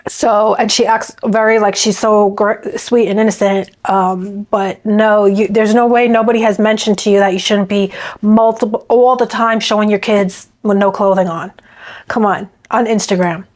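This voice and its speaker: A woman's voice: mid-range voice, steady tone, moderate pace. A woman vlogger chatting to camera, indignant and talkative, often restarting her sentences. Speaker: beauty vlogger reacting to stories. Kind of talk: casual chat to camera.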